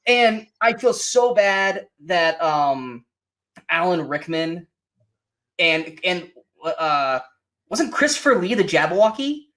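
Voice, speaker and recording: Animated man mocking a movie. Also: high-pitched, slow. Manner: animated, mocking, acts out quotes in silly voices. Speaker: podcast co-host. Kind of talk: casual movie review chat.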